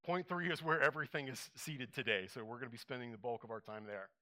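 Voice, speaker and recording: Bright-voiced man preaching a sermon. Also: medium pitch, fast talker. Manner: animated storytelling, acts out his own reactions. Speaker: pastor.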